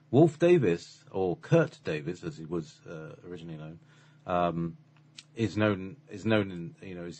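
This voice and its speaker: A man's voice: deep voice, darkish tone, slightly rough. A man chatting casually and rambling, full of fillers and restarts. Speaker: channeler and voice performer. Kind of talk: casual conversation.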